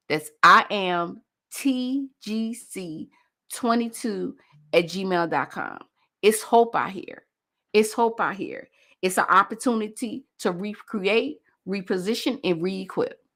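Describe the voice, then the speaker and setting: A woman's voice: mid-range voice, bright, forceful tone. A woman host and coach giving a passionate motivational talk, driving points home by repeating phrases.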